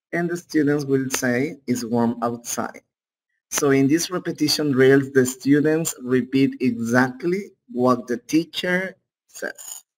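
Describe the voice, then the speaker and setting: Male English teacher, Peruvian Spanish accent, slow and steady lecture pace, mid-pitched, keeps checking in with students. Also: low-quality recording. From Peru. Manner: unhurried, checks in with "okay?". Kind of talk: online class lecture.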